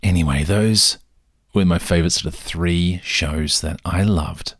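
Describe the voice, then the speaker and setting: A man's voice: low-pitched, unhurried, no echo, studio quality. A man telling rambling, self-deprecating stories in a casual solo monologue.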